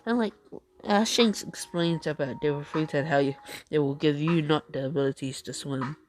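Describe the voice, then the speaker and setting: A woman's voice: low-pitched, normal speed, darkish tone, a little hiss or hum. A woman improvising a fan story, hesitant, with lots of fillers and self-corrections. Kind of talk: improvised fan-fiction narration.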